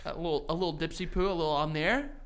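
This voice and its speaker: A young man co-hosting a podcast in casual chat, animated and jokey, laughing often. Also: on the high side, quick pace, smooth. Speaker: podcast co-host.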